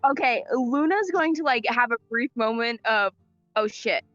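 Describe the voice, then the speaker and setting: A woman playing a tabletop game, describing her character's actions haltingly with many fillers. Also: on the high side, lively intonation, a bit bright, highs cut off, soft background music. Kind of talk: casual game talk.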